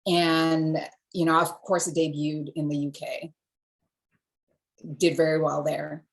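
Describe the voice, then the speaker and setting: A woman from Singapore, an actor, telling stories in a lively, casual interview. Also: low voice, takes it slowly, gravelly. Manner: animated storyteller, switches accents.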